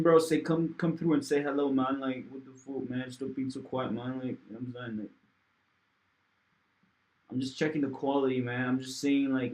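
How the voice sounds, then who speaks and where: A man's voice: mid-range voice, a little mellow. A young man livestreaming while he codes, thinking aloud in a casual, rambling way, swearing often and talking to his chat. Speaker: livestreaming programmer. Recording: roomy echo.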